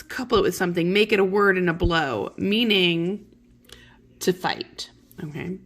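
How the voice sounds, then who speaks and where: A woman's voice: mid-range voice, moderate pace, fairly bright tone. A woman teacher reading a play aloud to a class and explaining the lines in plain modern words, chatty and full of okays. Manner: chatty, many fillers and okays. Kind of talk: casual read-along lesson.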